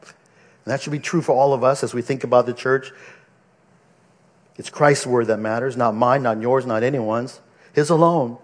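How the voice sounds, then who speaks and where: A man's voice: medium pitch, normal speed, long pauses, long reverb tail. A male pastor preaching a sermon from the pulpit, earnest and conversational, often restarting his sentences. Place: church pulpit.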